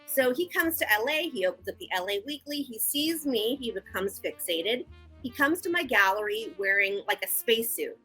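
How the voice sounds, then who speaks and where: A woman speaks as an interview guest with a husky, breathy voice that is bright and forceful and sits fairly high. She tells her story in a frank, animated, conversational way. Faint music plays behind her. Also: moderate pace, poor audio. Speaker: guest, victim advocate.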